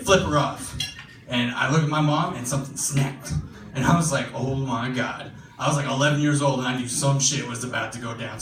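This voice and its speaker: A man's voice: a little high, fairly bright tone, roomy sound, recorded from a distance. A young man performing a casual, profane stand-up set, full of fillers and self-deprecation. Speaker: stand-up comedian. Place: comedy club stage with audience laughter.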